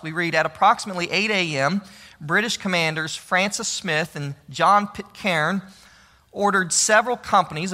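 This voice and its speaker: A man giving a historical storytelling talk, with dramatic, emphatic delivery that drops to a hush. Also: high-pitched. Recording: long reverb of a large hall.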